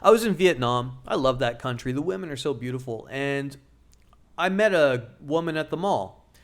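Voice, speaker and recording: A man's voice: mid-range voice, expressive, moderate pace. A man who works as a dating coach gives blunt, joking relationship advice in a casual vlog.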